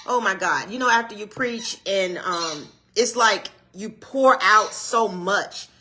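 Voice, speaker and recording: A middle-aged woman who co-hosts a channel and works as a minister chats casually on a livestream, her mid-range voice bright and forceful at a slow pace. She greets viewers by name and drifts into an encouraging, preacherly tone, like a minister speaking to her community.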